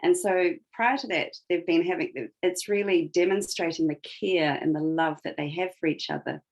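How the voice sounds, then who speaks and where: A woman appearing as a podcast guest retells a fairy tale reflectively and with emphasis, linking it to the present in conversational storytelling. Her voice is on the low side, her pace moderate, and the highs are cut off.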